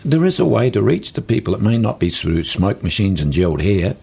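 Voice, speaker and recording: A man with an Australian accent, a guest author telling folksy stories in an animated way during an interview. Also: fairly low pitch, brisk. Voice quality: gravelly, husky. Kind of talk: storytelling interview talk.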